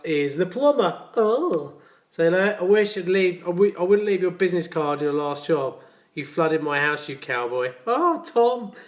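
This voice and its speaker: A man's voice: fairly high pitch, echoey room. A man, a plumber, chatting jokily with viewers on a live stream and reading out their comments. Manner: jokey, chatty, reads viewer comments aloud. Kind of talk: casual live-stream chat.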